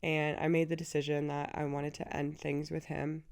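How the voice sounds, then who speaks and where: A woman's voice: low voice, flat delivery, moderate pace, vocal fry, a little mellow, clean tone. A woman in her twenties hosting her own show, telling a personal story in a candid, chatty, emotional way, with many "like"s and "you know"s. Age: 20s. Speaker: podcast host.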